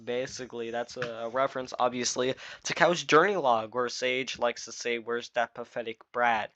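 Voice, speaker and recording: A man's voice: medium pitch, steady tone, normal speed, fairly bright tone, no echo. A man giving casual commentary on his own video, rambling with lots of fillers and restarts. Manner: rambling, filler-heavy explaining. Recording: dull dry lo-fi mic.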